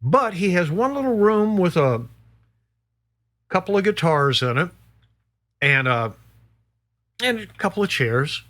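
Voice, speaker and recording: A middle-aged man, a guest musician, telling a story in a casual, animated way, swearing and peppering it with "you know". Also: sits high, a little slow, pauses often.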